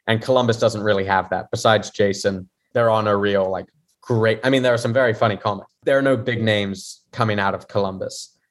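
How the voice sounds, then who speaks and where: A man's voice: fairly low pitch, steady tone, brisk. A man from London, a guest comedian chatting candidly on a podcast, self-mocking and laughing often. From London, England. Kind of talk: casual podcast chat.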